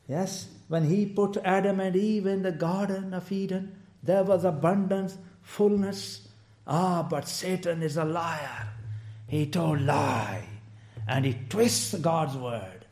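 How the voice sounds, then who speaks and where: A man preaching a sermon in a church, lively and often laughing as he quotes people. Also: fairly high pitch. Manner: animated, laughing often, quoting people in raised voice. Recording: echoey church room.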